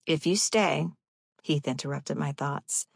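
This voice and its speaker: A woman in her forties reading her own memoir as a first-person audiobook, in a measured, deliberate way. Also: sits low, gravelly, slightly rough, no echo, studio quality. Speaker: audiobook narrator.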